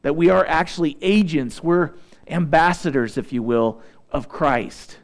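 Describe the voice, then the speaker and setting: A man delivers a sermon in a somewhat high voice. He reads scripture at a slow, measured pace. Between readings he drops into easygoing, conversational remarks to his listeners. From Southeast Missouri. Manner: reads scripture slowly and deliberately, then shifts into relaxed conversational asides. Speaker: pastor.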